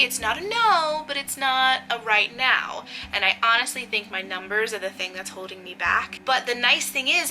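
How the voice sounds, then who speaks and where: A woman's voice: on the high side, pushed and bright, low-quality recording. A young woman vlogging in a casual chat to camera, talking chattily and laughing often.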